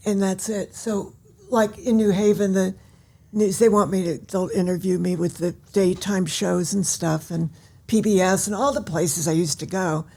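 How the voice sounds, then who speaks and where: An older woman, an author, chatting as a guest in an interview and telling her stories in an animated, theatrical way. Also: on the low side, normal speed, creaky. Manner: animated storyteller who acts out scenes. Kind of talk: casual interview chat.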